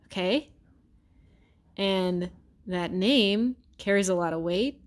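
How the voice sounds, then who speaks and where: A woman vlogger reading a news article aloud with sarcastic, exasperated commentary, swearing freely and slowing down to stress words she mocks. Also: fairly low pitch.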